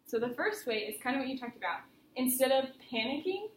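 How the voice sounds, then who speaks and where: Woman voice coach, encouraging and chatty, higher voice, roomy studio with faint hiss. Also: very animated, brisk. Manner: chatty and encouraging, explains with imagery. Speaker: voice teacher. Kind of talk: private singing lesson instruction.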